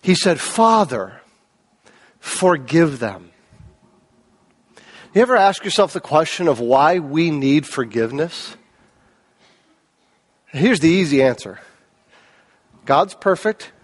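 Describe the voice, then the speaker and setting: High-voiced man preaching a sermon. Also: animated, a little slow, long pauses. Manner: conversational preaching, rhetorical questions, swings loud and soft. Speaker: pastor.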